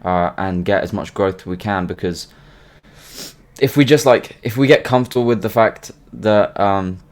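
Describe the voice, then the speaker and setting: A man with a fairly low voice appears as a game creator guest on a casual podcast interview. He speaks haltingly, often restarting and repeating words.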